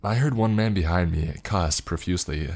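A man reading a first-person horror story in a measured storytelling way. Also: sits low, a little mellow.

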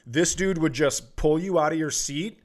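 A man's voice: on the high side, normal speed. A man, a comedian, telling a club story and reacting in casual podcast chat. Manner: reactive, short interjections, laughs along.

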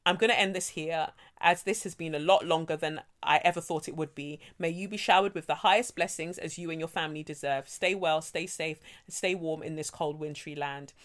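A woman co-hosting a podcast, reading out a listener's letter and chatting casually, animated and quick to laugh. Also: low-pitched. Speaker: podcast co-host.

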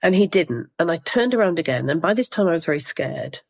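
An older woman from Northeast England, slowly recounting a personal memory in an interview, reflective and measured with pauses and restarts. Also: on the low side, expressive, vocal fry.

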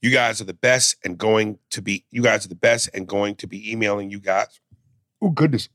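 A man's voice: lowish voice, moderate pace, fairly bright tone, no room sound, studio quality. A man co-hosting a podcast in casual, joking chat, swearing freely. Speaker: podcast co-host.

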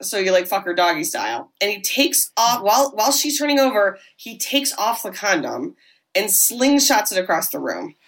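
A woman co-hosting a podcast, casually recapping a horror film in a chatty way with many quick asides. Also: mid-range voice, very animated. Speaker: podcast co-host.

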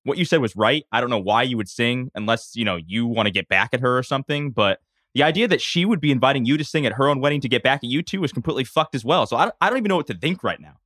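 Bright-voiced man, incredulous podcast co-host. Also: mid-range voice, animated, racing, no room sound, clean studio sound. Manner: incredulous, thinking aloud. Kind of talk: casual chat.

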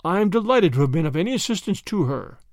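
A man voicing a courteous, mysterious stranger who speaks calmly and politely. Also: sits high, fast talker, no room sound, studio quality. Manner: calm, courteous.

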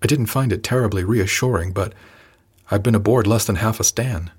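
A man with a fairly low voice reads a first-person novel aloud in a measured, calm way. His delivery is scripted and steady. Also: breathy edge. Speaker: audiobook narrator.

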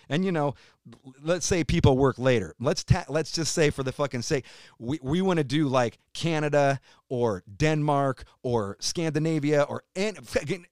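A middle-aged American man rants hard in a loose interview, cursing at every turn. His voice sits a bit high and gets loud and emphatic. The sound is dry and close, with no room behind him. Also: moderate pace, no echo. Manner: profane, ranting, heated. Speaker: podcast guest, metal musician. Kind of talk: casual interview chat.

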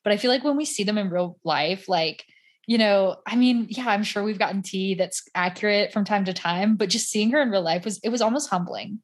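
A woman in casual podcast chat, telling stories in a chatty, animated way with many fillers. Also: mid-range voice, brisk.

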